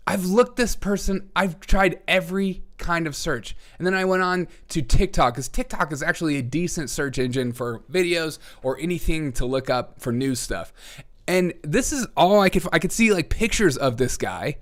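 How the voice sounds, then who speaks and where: A man's voice: fairly high pitch, fairly bright tone. A man hosting a comedy news live stream, talking sarcastically and laughing often. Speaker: host.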